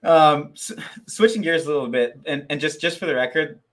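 A man hosting a podcast in a relaxed, friendly way. He jokes easily and often stumbles over his first words before a thought comes out. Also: a little high, moderate pace. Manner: friendly, joking, repeats words when starting sentences. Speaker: podcast host. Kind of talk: casual interview chat.

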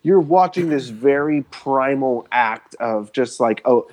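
A man's voice: mid-range voice, lively intonation, slow, a little mellow. A young man co-hosting a casual chat, rambling loosely with fillers and swearing. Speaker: podcast co-host.

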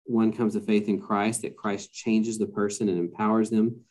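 Man, podcast guest, low pitch, soft warm tone, measured and halting, lots of ums. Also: level tone. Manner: hesitant, many fillers and restarts. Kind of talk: casual podcast conversation.

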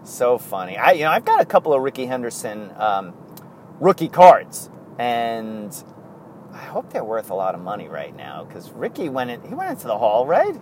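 Here a man hosts a laid-back podcast alone, wandering through anecdotes with laughs and self-corrections. His mid-range voice swoops wildly in pitch, moving at a moderate pace with a somewhat dark tone, and there's a little background noise.

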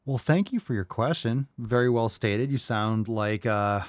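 A man's voice: medium pitch, unhurried, dry recording, clean studio sound. A man hosting a podcast who answers a caller's question in blunt, rambling, direct coaching talk. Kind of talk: casual advice talk.

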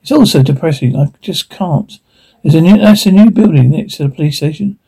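A man speaking TV drama dialogue in a weary, gruff way, with a gravelly, husky voice. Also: a little high, a little fast, mellow.

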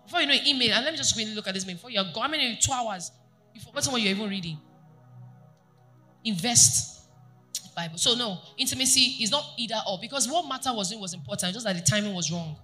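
A woman pastor preaching a sermon to her congregation, animated and often asking them questions. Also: a little high, quick pace, faint music behind. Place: church.

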